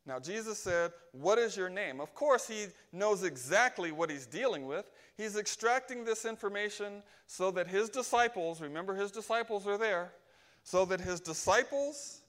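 Casting: high-pitched male preacher, emphatic sermon delivery. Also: a bit bright. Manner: emphatic, keeps asking "right?".

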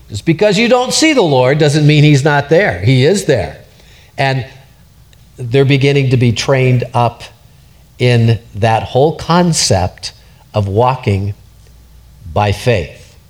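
Working through the text verse by verse, this pastor keeps his sermon conversational, questioning the congregation and repeating words as a point takes shape. He has a mid-range voice with lively intonation, a slow pace, and long pauses.

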